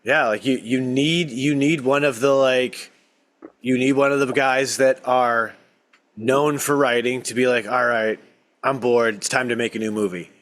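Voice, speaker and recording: A man co-hosting a podcast in casual chat, animated and repeating himself as he talks. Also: medium pitch, a little slow. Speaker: podcast co-host.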